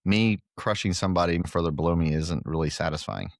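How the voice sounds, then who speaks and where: A man's voice: low voice, a little fast, no room sound, clean studio sound. A middle-aged man from Guatemala, a podcast guest, telling jokey, self-deprecating stories in a casual chat. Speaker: podcast guest, pickleball club owner.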